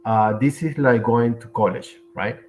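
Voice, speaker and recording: A man hosting an interview, talking in a halting way, often restarting and searching for words. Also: medium pitch, slight background noise, low-quality recording. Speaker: interview host. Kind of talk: casual interview.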